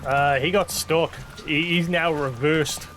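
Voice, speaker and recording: A man's voice: a little high, steady tone, slow pace, music in the background. Man casually commenting on gameplay. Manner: chatty, explaining, filler-heavy. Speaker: game streamer.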